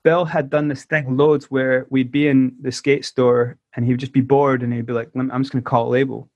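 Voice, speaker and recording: A man's voice: medium pitch, brisk, no echo, lo-fi sound. A man with a Scottish accent, a musician guest telling stories in a casual interview and acting out the voices of the people he quotes. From South Africa. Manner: animated storyteller who acts out quoted voices.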